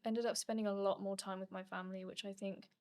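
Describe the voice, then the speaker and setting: A young woman with a British accent, a podcast guest telling stories in a chatty, animated way with lots of "like". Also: mid-range voice, quick pace. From Thailand. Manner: chatty and animated, storytelling, frequent "like". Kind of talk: casual conversational interview.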